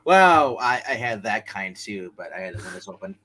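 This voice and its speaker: A man's voice: lowish voice, very animated, moderate pace, pushed and bright. A man hosting a casual live stream chat who laughs a lot and keeps repeating himself as he talks. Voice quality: breathless from laughing and asthma. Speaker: show host.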